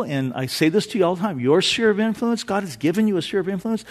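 A man delivers a sermon in a fairly high voice. He talks to his congregation in a relaxed, conversational way with easy laughs, then climbs into loud, fervent stretches. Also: fast, husky. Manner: builds from calm to loud, fervent peaks; laughs easily, conversational asides. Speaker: pastor.

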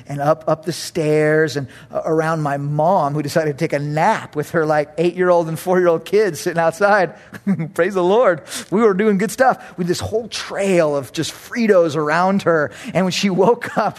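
A middle-aged man preaching a sermon as pastor, animated, swinging between loud and hushed, acting out other voices. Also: on the high side. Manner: acts out voices of kids and critics.

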